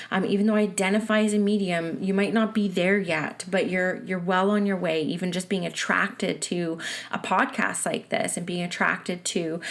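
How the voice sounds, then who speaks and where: A woman in her thirties hosting a casual spiritual podcast as a medium, talking in a chatty, earnest way with many "um"s and "you know"s. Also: mid-range voice. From Canada.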